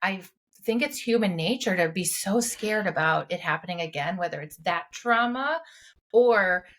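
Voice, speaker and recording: A woman co-hosting a podcast as a mental health clinician, talking in an earnest, expressive way. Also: lowish voice, moderate pace. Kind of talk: casual podcast discussion.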